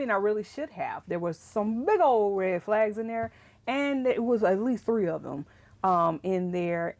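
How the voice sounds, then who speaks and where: A young woman talking straight to camera in a loose, chatty way. She rants with lots of energy and breaks into laughs often, at an ordinary mid-range pitch. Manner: animated, ranting, laughs often. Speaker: writing vlogger. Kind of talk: casual chat to camera.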